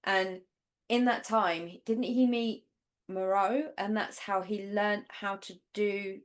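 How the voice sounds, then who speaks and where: A woman's voice: medium pitch, fairly even intonation, takes it slowly. A woman co-hosting a podcast from the north of England, chatting casually and rambling with many fillers. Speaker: podcast co-host. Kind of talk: casual chat.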